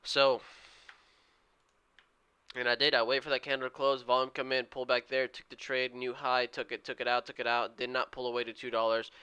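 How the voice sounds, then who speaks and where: Bright, clear-voiced man calling trades. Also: medium pitch, little pitch movement, a little fast. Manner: running play-by-play, talks to viewers as "guys"; eager, urges price moves on. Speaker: day trader streaming live. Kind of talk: live trading commentary.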